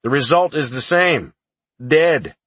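A man voicing a gruff, sarcastic older army sergeant who barks dry retorts, a character voice in an audiobook. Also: medium pitch, animated, takes it slowly, a bit bright, no room sound, voice pushed up. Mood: grumbling. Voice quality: gruff, barking.

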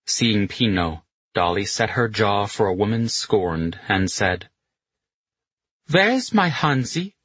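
Man, audiobook narrator, very deep, husky, dry dull recording. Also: measured pace, a bit bright, dry recording.

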